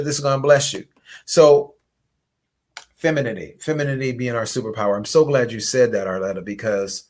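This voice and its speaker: A man hosting a late-night relationship chat who greets viewers by name and tells a Bible story in an animated, preaching style, acting out voices. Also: fairly low pitch. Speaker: host, relationship coach.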